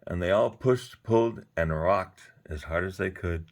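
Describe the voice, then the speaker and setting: A man with a low, deep voice reads a children's story aloud. His reading is expressive and animated, with lively emphasis. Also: measured pace.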